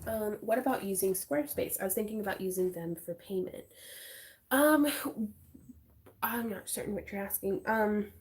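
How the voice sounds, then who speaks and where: A woman's voice: medium pitch, moderate pace, a little mellow. Bubbly, chatty woman hosting a craft stream. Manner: chatty, bubbly, laughs often, many fillers. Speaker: craft channel host. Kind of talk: casual livestream chat.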